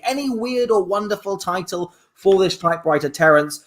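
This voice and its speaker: A man hosts an improv comedy stream in a high, bouncing voice. He rambles playfully while reading out audience suggestions. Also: lively intonation, normal speed, few pauses. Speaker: improv show host. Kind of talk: livestream comedy hosting.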